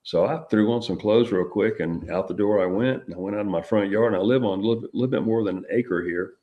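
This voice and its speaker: A middle-aged man, telling a personal experience as an interview guest in a halting, rambling way full of restarts. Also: on the low side, dull audio.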